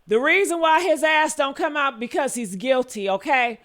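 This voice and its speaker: A woman giving heated, cursing reaction commentary on an interview, yelling at times. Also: high voice, normal speed. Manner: angry, yelling and cursing, then apologetic.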